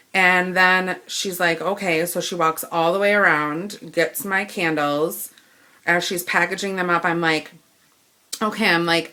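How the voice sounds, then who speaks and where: A woman from Wisconsin, telling a shopping complaint story and acting out both sides of the conversation. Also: fairly low pitch. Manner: animated retelling, acting out both sides of the dialogue. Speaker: vlogger. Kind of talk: ranting story to camera.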